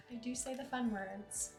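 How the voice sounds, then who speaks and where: A woman's voice: fairly high pitch, reverberant. A young woman streamer chatting casually and giggling while she plays a game. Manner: chatty, giggly, reads game lines aloud. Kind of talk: casual chat while playing.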